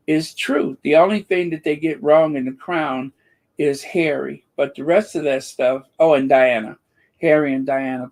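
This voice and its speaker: A man's voice: fairly high pitch, darkish tone. A man hosting a commentary channel, talking in a sarcastic, rambling monologue full of fillers and restarts.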